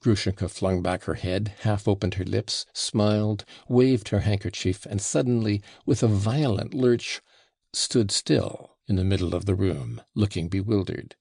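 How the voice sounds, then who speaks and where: A male audiobook narrator reading a classic novel at an unhurried, measured pace. His low voice carries a gravelly, husky texture. The sound is close and dry. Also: a little mellow, dry recording.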